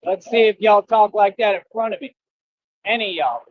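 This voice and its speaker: A man's voice: high-pitched, normal speed. Swaggering man on dull lo-fi stream. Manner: boastful, swaggering street slang. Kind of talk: casual livestream monologue.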